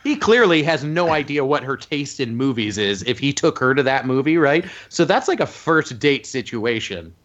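With hardly a pause and at normal speed, a medium-pitched man co-hosting a podcast recounts stories in casual chat. He's an animated storyteller who acts out the quoted voices. The recording has a dull, lo-fi quality.

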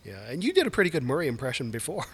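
A man's voice: medium pitch, wildly swooping pitch, racing, husky. A man in casual podcast chat, easygoing and agreeable, telling a story.

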